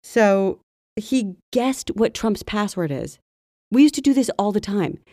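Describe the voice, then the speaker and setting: A woman's voice: mid-range voice, animated, measured pace, dark tone, no echo. Chatty woman podcaster, dry close sound. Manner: chatty, gossipy storytelling. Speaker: podcast co-host. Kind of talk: casual chat.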